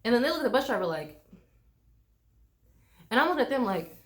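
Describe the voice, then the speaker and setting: A woman's voice: a little high, sing-song, a little fast. A young woman from the United States, a travel vlogger, ranting bluntly and swearing freely, mocking people with put-on voices. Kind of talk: casual ranting vlog.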